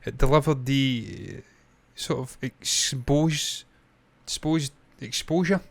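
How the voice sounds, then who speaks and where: A man's voice: mid-range voice, takes it slowly, vocal fry. A man co-hosting a casual TV reaction chat, blunt, opinionated and swearing freely. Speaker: co-host.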